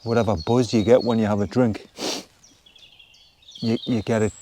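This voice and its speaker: A man, chatting casually in a relaxed, rambling way as he vlogs from a woodland wild camp. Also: fairly low pitch, normal speed. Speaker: vlogger. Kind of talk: casual outdoor vlog talk. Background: birds and woodland ambience.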